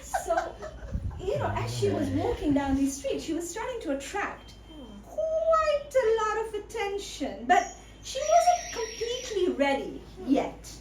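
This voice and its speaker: A woman storyteller with a high, lively voice, telling her tale slowly and playfully to a live group. She is heard from some way off the mic in an echoey room, with clear background noise. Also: far from the mic. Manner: playful, drawing the audience in.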